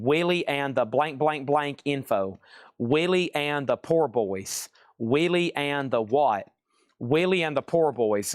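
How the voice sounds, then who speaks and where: A man hosting a live-stream record sale, rattling off prices in quick, excitable patter full of exclamations. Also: mid-range voice, dry recording, studio quality.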